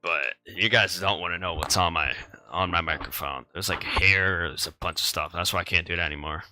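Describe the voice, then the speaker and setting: A man's voice: sits low, a little fast, music in the background, rough recording. A teenage boy chatting with viewers on a live game stream through a headset mic, rambling and repeating himself with the odd chuckle. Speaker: gaming streamer. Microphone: gaming headset microphone.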